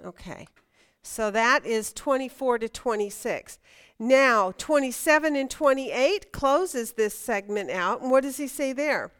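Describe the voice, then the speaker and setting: A woman's voice: fairly high pitch, lively intonation, measured pace, clear, resonant tone. A woman teaching a Bible study class, chatty and emphatic, asking her students questions.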